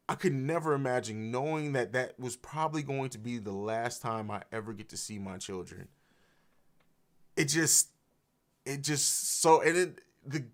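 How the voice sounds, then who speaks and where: A man's voice: on the high side, fairly bright tone. A man hosting a live reaction stream, talking with emotion, swearing freely and restarting his sentences. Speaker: livestream reaction host. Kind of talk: emotional unscripted reaction livestream. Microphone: streaming mic.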